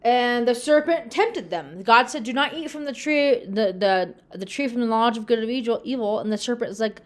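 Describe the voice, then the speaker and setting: A woman's voice: fairly high pitch, animated, a little fast, hardly any pauses. A woman casually and earnestly retelling Bible stories to her viewers, full of restarts and acted-out quotes. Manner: earnest, repetitive, addresses viewers as "you guys"; many restarts and fillers, acts out quoted lines. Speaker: religious video host. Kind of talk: casual Bible talk to camera.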